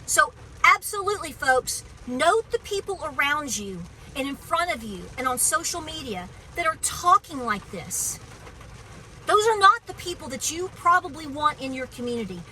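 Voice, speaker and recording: A woman's voice: sits high, big pitch swings, moderate pace, bright, forceful tone, slight background noise, poor audio. A woman homesteading vlogger speaking outdoors on her farm in an impassioned, preachy, emphatic way. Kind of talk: outdoor political vlog rant.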